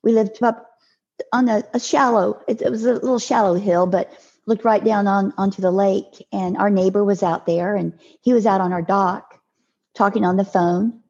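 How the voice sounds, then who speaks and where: An older woman telling a personal story as a podcast guest, in a halting way with restarts and repeated words. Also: medium pitch, steady tone, darkish tone, slightly rough, highs cut off. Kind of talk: emotional personal storytelling in an interview.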